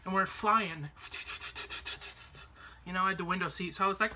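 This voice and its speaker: Bright-voiced man telling stories. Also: high-pitched, steady tone, a little slow, long pauses. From Canada. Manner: chatty, rambling, with many fillers and restarts. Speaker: vlogger. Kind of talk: casual storytelling to camera.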